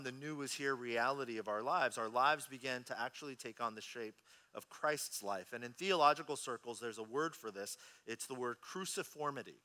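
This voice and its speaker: A man in his thirties preaching a sermon as a pastor, telling a personal story in an animated, conversational way. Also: medium pitch.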